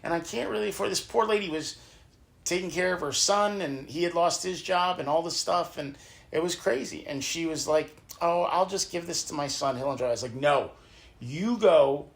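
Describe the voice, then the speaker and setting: Male podcast host, raised voice, gravelly edge, animated and profane storyteller. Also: a little high, normal speed. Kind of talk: casual storytelling chat.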